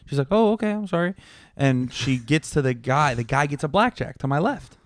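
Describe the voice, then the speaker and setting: A man's voice: mid-range voice, normal speed, no echo. Guy on a podcast ranting thru a story, swears a lot, dry sound. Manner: animated storytelling, heavy swearing. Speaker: podcast co-host. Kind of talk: casual chat.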